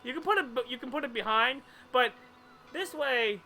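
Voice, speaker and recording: High-voiced animated male streamer. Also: normal speed, a little hiss or hum. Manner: animated and rambling, laughs often, trips over words. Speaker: game streamer. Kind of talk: casual chat.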